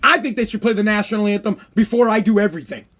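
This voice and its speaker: A man's voice: high-pitched, fast, fairly bright tone. A man hosting his own podcast, ranting bluntly in a casual monologue and swearing often. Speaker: podcast host.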